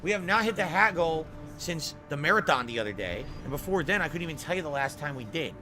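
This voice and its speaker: Man, game streamer, slightly high voice, thinks aloud, game music behind. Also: very animated, fast talker. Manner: thinks aloud, reads out tips. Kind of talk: live gameplay stream chat.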